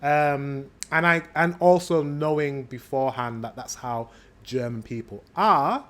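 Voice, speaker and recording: A man's voice: fairly high pitch, a little slow, a bit bright. A man with a British accent hosting a reaction video, chatting casually and upbeat, thinking aloud as he comments.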